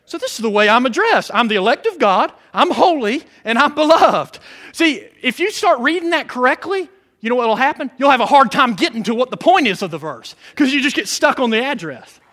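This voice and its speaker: High-pitched fervent preacher man. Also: very animated, brisk, in a large hall. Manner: fervent, rising to shouts on key words. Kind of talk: sermon.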